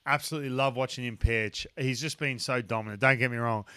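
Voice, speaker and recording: A man with an Australian accent hosting a casual sports podcast, chatty and excitable, full of restarts. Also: medium pitch, fast, clean tone, no echo. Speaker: podcast host.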